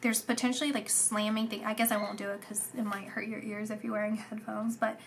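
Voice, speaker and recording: A woman giving a channelled psychic reading, soft and meandering, repeating words and sometimes dropping into a whisper. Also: medium pitch, level tone, fairly quick, a little hiss or hum. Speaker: psychic reader.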